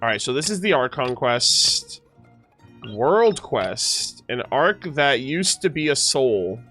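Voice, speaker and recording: A man streaming a game, reacting and joking excitedly with his chat as he plays. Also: mid-range voice, slow. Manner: excitable, jokey, talks to chat. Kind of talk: casual gameplay reaction commentary. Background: faint game music.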